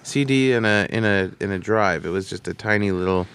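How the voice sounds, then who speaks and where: Male interview guest, low voice, animated casual storyteller. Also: a little fast, clean tone. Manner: animated, slips into voices of people he quotes.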